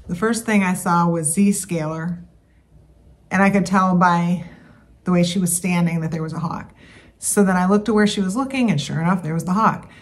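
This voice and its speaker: A middle-aged woman earnestly telling a story to her camera in a casual vlog, with many fillers and heartfelt asides. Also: lowish voice. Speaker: wildlife vlogger.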